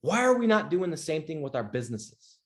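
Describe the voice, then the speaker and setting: A man's voice: a little high, big pitch swings, brisk. A man coaching on a livestream in a blunt, emphatic way, swearing often and checking in with "okay?". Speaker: business coach. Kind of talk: motivational livestream talk. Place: home office.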